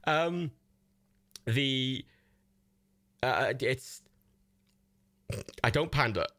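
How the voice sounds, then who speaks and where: A man's voice: mid-range voice, animated, drawn-out words, pushed and bright, no room sound. A young man hosting a livestream, rambling and swearing in casual chatter, laughing often and mocking himself. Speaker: livestream host.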